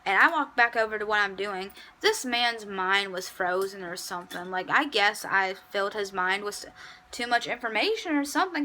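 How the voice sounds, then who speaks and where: A woman's voice: mid-range voice, normal speed, pushed and bright, rough recording. Sassy young woman telling a story. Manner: chatty, petty, sassy storytelling. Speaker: vlogger. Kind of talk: casual storytime.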